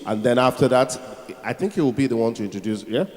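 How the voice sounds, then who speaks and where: A man's voice: mid-range voice, quick pace, darkish tone. Man emceeing in an echoey hall. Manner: rallying audience applause. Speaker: event MC. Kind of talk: live event hosting. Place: large conference hall. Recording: echoey hall, faint crowd ambience.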